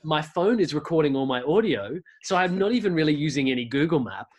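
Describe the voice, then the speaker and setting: A man's voice: a little high, lively intonation, quick pace. Rambling Australian man telling stories. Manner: rambling storyteller, many restarts. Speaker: podcast creator, guest. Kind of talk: casual interview chat.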